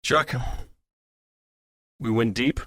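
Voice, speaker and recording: A man's voice: mid-range voice, very slow, sharp tone, no echo, clean studio sound. A man hosting a podcast, chatting in a laid-back, joking way. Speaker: podcast host. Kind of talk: casual podcast talk.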